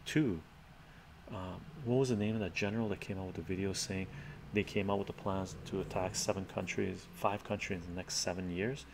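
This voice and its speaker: A man with a very low voice hosts a loose live stream, reading viewer comments aloud and answering them in a rambling way. He talks into a laptop mic, and a faint fan hum runs underneath. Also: fairly even intonation, a little fast, creaky.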